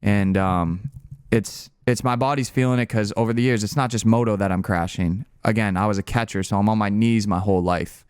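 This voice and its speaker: A young man tells a personal story in a rambling, candid way, stopping and restarting as he goes. His voice is low, flat and smooth, recorded dry in a room with no echo. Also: fairly quick. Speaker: channel co-host. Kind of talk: casual storytelling.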